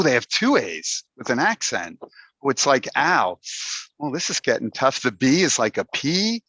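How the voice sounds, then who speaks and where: A man's voice: mid-range voice, sharp tone, no room sound. A man giving a playful, humorous talk to a Toastmasters club over a video call, putting on mock dismay as he goes. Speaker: Toastmasters speaker. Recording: dull, dry video call audio.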